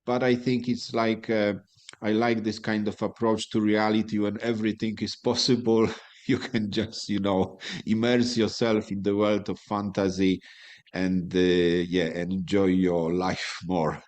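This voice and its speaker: A man with a Ukrainian accent answers on the spot, hesitating and restarting often. His voice is low-pitched and flat, staying in a narrow range. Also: a little slow. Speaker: meeting participant. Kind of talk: impromptu answer.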